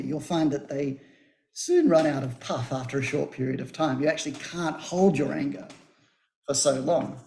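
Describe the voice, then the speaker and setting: Gravelly animated storytelling man. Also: fairly high pitch. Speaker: guest author. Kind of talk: telling a story on a talk show.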